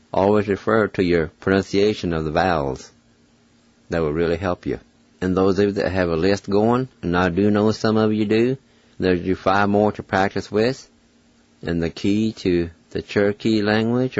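A man's voice: low voice, darkish tone, no room sound, highs cut off. A man hosting a scripted radio language lesson, patiently spelling out letters and repeating each word. He is recorded on a close studio microphone.

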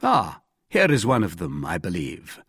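A man voicing a proud, gracious nobleman musketeer in an audiobook, speaking in a measured, ironic way. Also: low-pitched, wildly swooping pitch, a bit bright, husky, no room sound, clean studio sound, full character voice.

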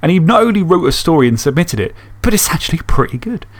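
A man's voice: fairly high pitch, very animated, fast. A man hosting a podcast, reading fan stories and chatting enthusiastically, swearing casually. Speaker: podcast host.

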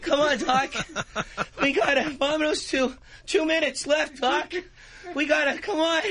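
A man's voice: extremely high pitch, steady tone, measured pace, pushed and bright, pitched above the performer's own voice, full character voice. A man doing a frantic young Latino sidekick. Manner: urgent, pleading.

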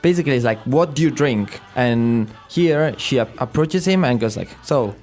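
Italian-accented male co-host, easygoing, pauses, soft music behind. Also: mid-range voice. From Italy. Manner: relaxed, chuckles, hesitant fillers. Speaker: native-speaker co-host.

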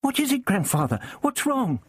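A man's voice: extremely high pitch, very animated, normal speed, slightly rough, no room sound, voice pushed up, full character voice. A man voicing an anxious teenage granddaughter asking worried questions.

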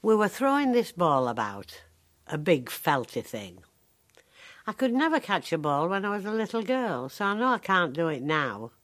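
A fairly low-voiced woman speaking at normal speed plays a dry-witted, sharp-tongued ninety-five-year-old from the North of England in a care home. The dramatic monologue has a wry mood, told in a dry, deadpan, wry storytelling manner.

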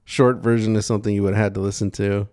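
A man's voice: lowish voice, level tone, quick pace, darkish tone, clean tone, no room sound. A man co-hosting a podcast over video call, dry and teasing in casual chat. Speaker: podcast co-host.

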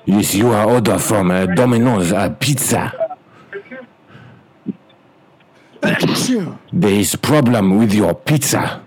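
A man voicing a bumbling male pizza-shop caller who speaks stiff, broken English on a prank phone call, with a low, husky voice. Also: big pitch swings, a little slow, a little mellow. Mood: grave. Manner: clipped broken-English phrasing, stiff and formal.

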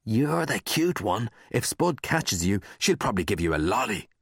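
A man's voice: on the low side, big pitch swings, moderate pace, vocal fry, a bit bright, husky, no room sound, clean studio sound, voice pushed up, heavily acted. A man voicing a cheeky, scheming young boy who coaxes and pesters his brother. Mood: wheedling. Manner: wheedling, coaxing.

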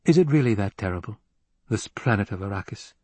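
A man voicing a tense, grieving young mother in an audiobook reading, speaking quietly and with restraint. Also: lowish voice, lively intonation, a little fast, dry recording. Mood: strained.

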